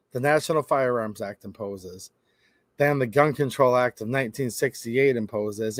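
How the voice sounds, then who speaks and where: A man's voice: on the high side, a little mellow, no echo. A man hosting a gun rights channel, talking to camera in a rambling, emphatic, conversational way. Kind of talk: casual monologue to camera.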